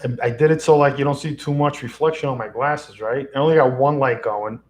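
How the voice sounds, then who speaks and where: A man's voice: mid-range voice, a little fast, a little hiss or hum. A man chatting casually on a livestream from a room at home, rambling and chuckling often into a microphone. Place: home room lit by a lamp. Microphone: XLR microphone on a box.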